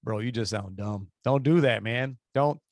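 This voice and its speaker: Gravelly Cajun man chatting. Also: mid-range voice, moderate pace, darkish tone, dry recording, studio quality. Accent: Cajun Louisiana. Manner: joking, folksy, talks in bursts. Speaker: podcast co-host. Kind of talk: casual chat.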